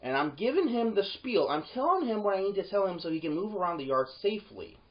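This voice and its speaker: A security guard telling a workplace story in a casual monologue. The voice swings up when heated and drops low for asides. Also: big pitch swings, fast talker, dull audio. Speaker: yard gate security guard.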